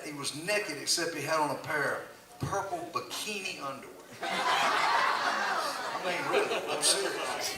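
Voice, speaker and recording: An older man telling casual, laughing stories about his years as a country singer. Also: a little high. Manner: folksy, laughing, drawling storyteller. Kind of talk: casual storytelling. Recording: echoey, distant, noisy live room.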